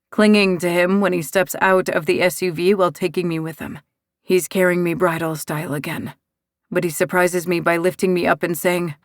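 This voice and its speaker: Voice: mid-range voice, fairly bright tone, no echo, studio quality. An audiobook narrator giving emotive first-person romance narration.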